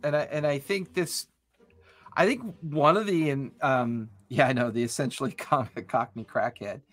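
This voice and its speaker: A man co-hosting a casual podcast chat about tabletop games, animated and quick to swear. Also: medium pitch. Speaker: podcast co-host.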